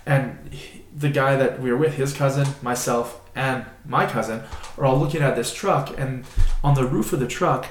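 A man co-hosting a podcast, telling a story in a casual, animated, rambling way and using "like" often. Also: mid-range voice, moderate pace, few pauses, slight background noise. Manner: animated, rambling, many "like" fillers. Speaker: podcast co-host. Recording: roomy echo.

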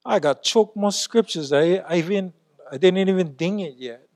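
Lively, high-voiced man preaching. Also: moderate pace. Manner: lively, emphatic, swings between loud exclamations and quiet asides. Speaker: church elder preaching. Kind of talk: sermon.

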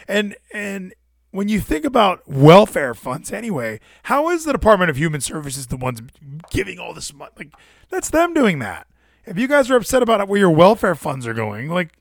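A man's voice: high voice, creaky, no room sound, clean studio sound. A man streaming to his chat, reading news stories aloud and ranting about them in a casual, profane and incredulous way.

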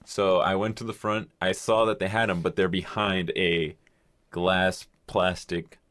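A man's voice: low voice, level tone, a little slow, a bit bright, dry recording. A young man in casual chat, telling a long rambling story with casual swearing and acted-out quotes. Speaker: podcast co-host telling a story.

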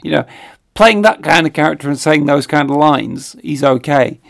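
A man co-hosting a casual film discussion, explaining plots in a measured way with many fillers. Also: on the high side, animated, gravelly. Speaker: film podcast co-host.

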